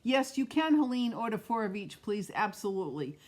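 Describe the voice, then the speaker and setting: A woman's voice: medium pitch, animated, a little fast, hardly any pauses, darkish tone. A middle-aged woman, chatting with viewers by name while demonstrating a card-making craft on a live stream. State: has the hiccups.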